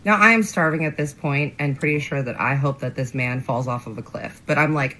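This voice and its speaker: A woman's voice: sits low, animated, a little fast, few pauses, fairly bright tone, rough recording. A woman telling a story about a bad date in a sarcastic, indignant way. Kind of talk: casual storytime.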